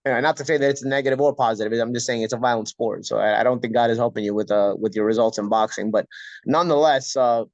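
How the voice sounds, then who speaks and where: A man's voice: mid-range voice, quick pace, no echo, muffled recording. A man hosting a casual boxing talk show, stuffed up with a cold, talking bluntly and repeating himself. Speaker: podcast host.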